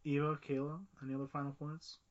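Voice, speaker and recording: A man co-hosting a casual film podcast, cracking quick jokes between points. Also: on the high side, completely flat delivery. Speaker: podcast co-host. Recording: muffled lo-fi audio.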